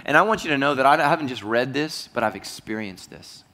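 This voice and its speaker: Earnest pastor in an echoey church hall. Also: male voice, mid-range voice, expressive, brisk. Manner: earnest, dropping to a hushed voice for heavy moments. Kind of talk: sermon storytelling.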